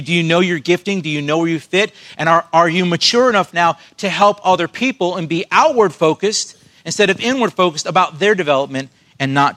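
Male pastor, slightly raised pitch, earnest preaching delivery with questions to the congregation. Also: fairly bright tone. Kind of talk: sermon.

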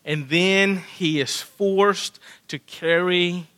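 A man preaching a sermon as pastor, earnest, often restarting and repeating words, moving between hushed, low passages and loud, emphatic stretches. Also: fairly even intonation, drawn-out words, rough recording.

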